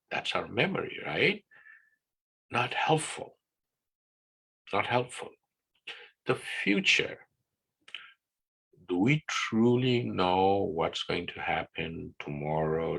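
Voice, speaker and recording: An older man talks on a video call in a relaxed, casual presentation, often pausing for "right?". His voice is bright and on the lower side. He speaks slowly and unhurriedly. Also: vocal fry, husky. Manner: relaxed teaching talk with frequent "right?" checks. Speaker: wellness guest speaker. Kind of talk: casual presentation on an online class.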